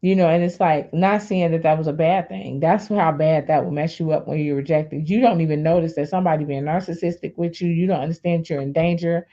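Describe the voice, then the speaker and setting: A woman sharing her personal testimony in a casual, animated storytelling way, talking straight to the listeners. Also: sits low, brisk, hardly any pauses. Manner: animated, addresses listeners as "y'all". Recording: dull lo-fi sound.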